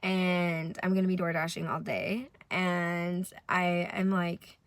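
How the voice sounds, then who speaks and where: A tired young woman with a slightly low voice rambles through a candid, profane story in a casual vlog. The sound is dry and close, with no room echo. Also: flat delivery, slow pace, clear, resonant tone. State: tired from little sleep. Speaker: vlogger.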